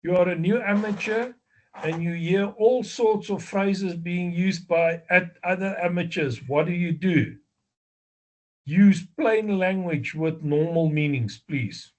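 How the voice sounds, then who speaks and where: A man with a South African accent giving a slow, deliberate exam review lecture, explaining step by step with fillers and self-corrections. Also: sits high, darkish tone. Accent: South African English. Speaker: amateur radio exam instructor.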